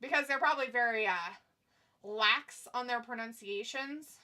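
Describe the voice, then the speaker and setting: A woman's voice: fairly high pitch, normal speed, bright, forceful tone. A woman co-hosting a live stream, chatting casually, teasing and laughing often while reading viewer comments. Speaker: stream co-host.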